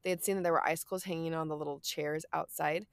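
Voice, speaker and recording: A young adult woman co-hosting a casual chat show, telling stories in an animated way with lots of fillers. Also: deep voice, fast, gravelly, no room sound. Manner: animated, filler-heavy storytelling. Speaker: podcast co-host.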